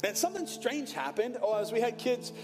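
A man's voice: extremely high pitch, very animated, a little fast. A male pastor in his thirties preaching a sermon, telling stories with playful asides to the congregation. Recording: long hall reverb with music behind.

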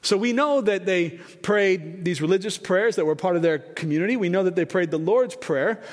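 A pastor in his forties preaching a conversational sermon with jokes and asides, lifting his voice for emphasis. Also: moderate pace. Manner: rises in pitch and volume for emphasis. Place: church sanctuary. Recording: long hall reverb.

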